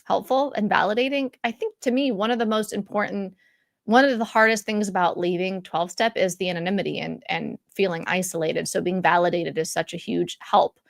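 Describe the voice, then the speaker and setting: A woman's voice: mid-range voice, fairly even intonation, brisk, creaky, dry recording, studio quality. A middle-aged woman hosting a live stream in a casual, rambling way, with lots of fillers and restarts. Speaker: YouTube live stream host. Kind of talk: casual live-stream chat reading comments. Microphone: studio mic for content creation.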